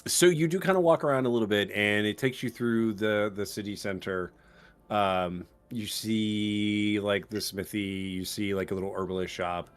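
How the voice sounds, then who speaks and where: A man's voice: lowish voice, steady tone, normal speed, clear, resonant tone. A man running a tabletop game as game master, narrating casually with many fillers and restarts.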